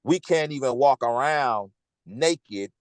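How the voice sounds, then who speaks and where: Man, casual animated storytelling, mid-pitched voice, dry close sound. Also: slow, dry recording. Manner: animated, slangy, repeats "okay?" often. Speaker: host.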